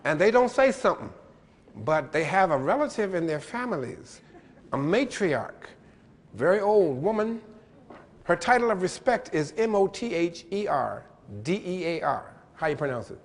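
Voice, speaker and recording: Man, keynote lecture, animated, playful, spells out letters, wide-ranging pitch, somewhat high voice. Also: moderate pace, in a large hall. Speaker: keynote speaker. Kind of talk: lively lecture-style keynote address.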